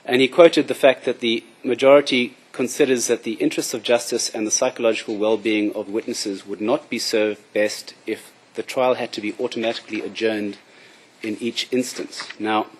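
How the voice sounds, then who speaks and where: Husky, formal male prosecutor in court. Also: mid-range voice, fairly even intonation. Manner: measured and formal, addressing the judges courteously. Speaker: prosecution counsel.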